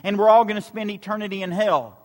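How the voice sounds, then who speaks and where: A man's voice: high-pitched, steady tone, fast. A man preaching a sermon as pastor, driving it home with repeated rhetorical questions. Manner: repetitive call-and-response preaching. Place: church sanctuary. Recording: long reverb of a large hall.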